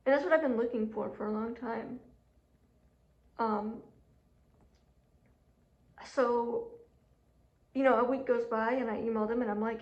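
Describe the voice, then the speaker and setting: A chatty woman with a slightly high voice tells her story casually to camera, full of fillers and quoted inner voices. Her throat is sore. The audio is dull and lo-fi, in an echoey room. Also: a little slow, pauses often. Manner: chatty, animated, with many fillers and quoted self-talk. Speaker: job seeker telling her story. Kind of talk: casual vlog talk to camera.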